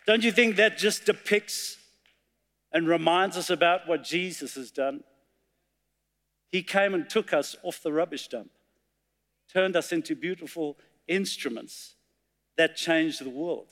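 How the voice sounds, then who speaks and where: Male preacher, high pitch, long reverb of a church hall, storytelling sermon. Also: measured pace, long pauses, fairly bright tone. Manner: storytelling, reciting poetry dramatically.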